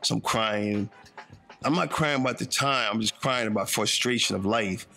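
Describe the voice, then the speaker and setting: A man from northern New Jersey, in his fifties, tells his own life story reflectively and conversationally, in street slang punctuated by "you know what I'm saying." His fairly low voice, at a moderate pace, carries vocal fry and a sharp tone over soft background music.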